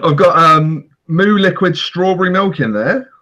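A man's voice: high voice, unhurried, bright, forceful tone. A man hosting a podcast, talking in casual, sweary, laid-back banter. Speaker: podcast host.

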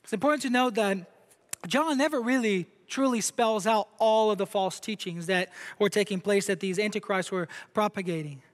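Man from brazil preaching in a church, pretty high voice, lots of hall echo. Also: normal speed. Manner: emphatic preaching, asks the crowd questions. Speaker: pastor. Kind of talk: sermon. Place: church sanctuary. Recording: long hall reverb.

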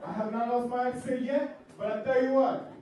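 A man putting on a Cuban accent as a loud, joking game-show host, hamming it up and mixing in Spanish. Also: very high voice, steady tone, fairly quick. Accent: put-on Cuban. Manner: hammy, shouting to the room, mixing in Spanish. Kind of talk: comic party hosting. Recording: echoey hall from far off, faint crowd.

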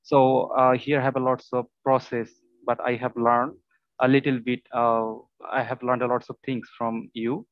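A young man from Bangladesh, a student speaking hesitantly with many pauses, heard over a muffled call line with interference. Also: mid-range voice, level tone, no echo. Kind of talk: casual online class chat.

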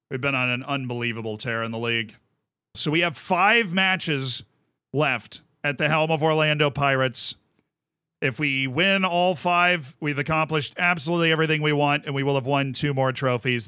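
A man streaming a football management game, who swings from quiet musing to loud commentator-style shouts. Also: smooth, no echo. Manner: shouts goal calls like a sports commentator; drops low and quick when musing.

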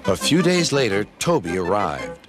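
Brief: a man reading a children's train story with a gentle, measured delivery and lively pitch. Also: over music. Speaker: narrator.

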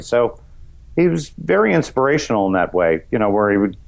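A man's voice: animated, fairly quick, creaky. A middle-aged man from New York's Westchester County, a comedian guest talking in a loose, rambling way, full of "you know" fillers. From Westchester County, New York. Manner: acts out voices in high shouts. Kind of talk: casual interview chat.

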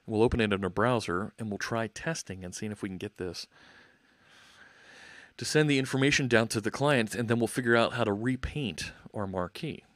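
A man's voice: lowish voice, normal speed, fairly bright tone, no echo. A man hosting a live coding stream, thinking aloud as he works and chatting with viewers. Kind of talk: casual live coding narration.

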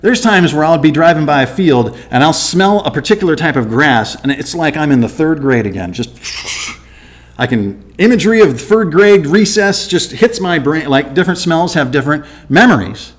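A man teaching the Bible to his church verse by verse, in an animated, conversational way, asking the listeners rhetorical questions and acting out little scenes. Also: a little high, moderate pace.

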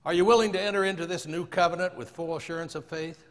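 A man's voice: steady tone, fast talker. Earnest male preacher in a reverberant hall. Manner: earnest, dropping to a hushed low voice on scripture quotes. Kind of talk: sermon.

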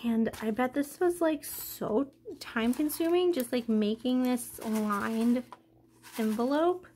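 A woman hosting a craft unboxing vlog, gushing and excitable, filling her talk with "like" and getting emotional and out of breath. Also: fairly high pitch, slow, slight background noise. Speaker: craft channel host.

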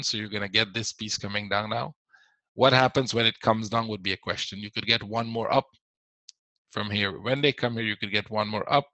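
A man's voice: on the low side, bright, forceful tone, no echo, low-quality recording. A man teaching a live trading webinar, repeating his points and answering viewers as he goes. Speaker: forex trading instructor.

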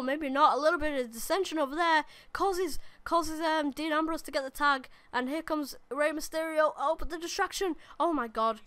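A young adult woman, rambling and commentating live on her own gameplay, often bursting into excited shouts at the game. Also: high voice, no echo. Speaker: gaming YouTuber.

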